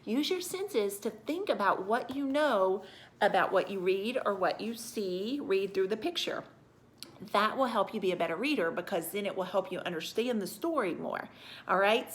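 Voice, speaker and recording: A middle-aged woman teaching an online reading lesson to young children, sounding out letters slowly and breaking into high excited bursts. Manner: slow, exaggerated sounding out of letters and words.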